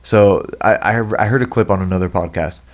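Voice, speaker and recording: A man co-hosting a podcast, talking in casual chat, animated and mocking, swearing freely. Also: lowish voice, brisk. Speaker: podcast co-host.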